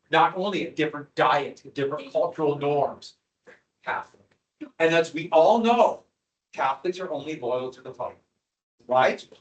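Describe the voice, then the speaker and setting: A man teaching a history lecture to a class, animated and quizzing students as he goes. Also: fairly high pitch. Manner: animated, asks the class questions. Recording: echoey classroom from far off.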